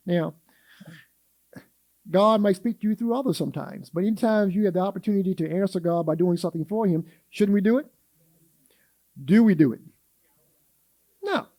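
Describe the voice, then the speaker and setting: A man with a high, mellow voice teaches a church Sunday school class. He talks in a folksy way, puts questions to the class and acts out everyday quotes. The sound is close and dry, with no room around it. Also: a little fast, no echo.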